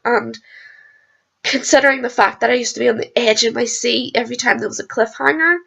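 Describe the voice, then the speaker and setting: Hoarse woman, reaction vlog, excitable rambling, gravelly fry, slightly high voice. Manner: rambling, excitable, swears freely. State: hoarse, voice going. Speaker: video creator reacting to a TV episode.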